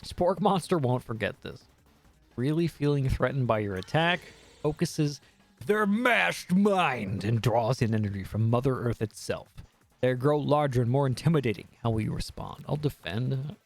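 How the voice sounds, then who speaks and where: A man's voice: mid-range voice, a little slow, faint music behind. A man streaming a dating game, reading the text aloud with jokey, swearing commentary. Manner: animated, jokey, swears freely.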